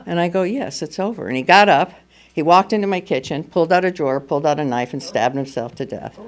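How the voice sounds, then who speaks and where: A woman's voice: sits low, fast. An older woman speaking at a recovery meeting, telling her personal story candidly and with humor. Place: meeting room at a school.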